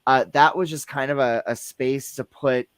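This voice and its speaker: A male podcast guest who works at a movie theater rambles through casual stories, packing them with fillers. He has a smooth, steady, mid-range voice at a moderate pace, with no room sound.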